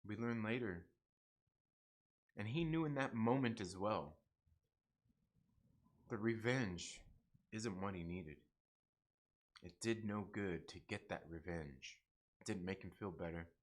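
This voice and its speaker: A young man hosting a casual livestream review, excitable, repeating himself and swearing often. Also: lowish voice, slow pace, long pauses. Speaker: YouTube show host reviewing TV episodes.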